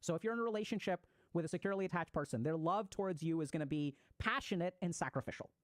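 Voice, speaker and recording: A man's voice: high voice, very fast, no echo. A man giving a recorded talk on psychology, explaining ideas and acting out everyday examples. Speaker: mental health speaker. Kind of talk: recorded talk on attachment styles.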